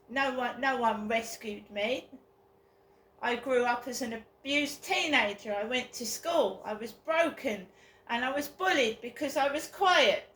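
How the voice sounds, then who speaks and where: Woman vlogger, bitter venting monologue, slightly high voice, echoey room recording. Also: fairly bright tone. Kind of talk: personal vlog monologue.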